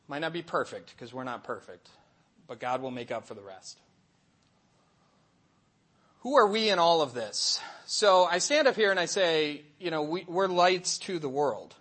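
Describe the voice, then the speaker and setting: Animated man giving a Catholic talk. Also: a little high. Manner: animated storytelling, acts out voices and asides. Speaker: Catholic catechist and speaker. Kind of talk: lively faith talk to an audience.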